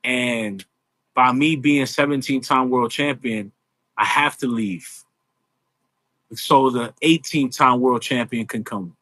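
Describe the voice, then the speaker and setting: A man being interviewed, talking in a casual, animated way about wrestling, often saying "you know". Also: mid-range voice, slow pace, no echo. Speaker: guest, social media influencer.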